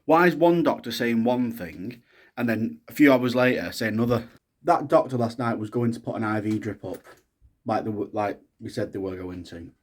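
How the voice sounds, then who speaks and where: A man's voice: mid-range voice, moderate pace. Worn-out man venting on camera. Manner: frustrated, venting about hospital care. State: exhausted, low on energy. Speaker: new dad vlogger. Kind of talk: casual video diary.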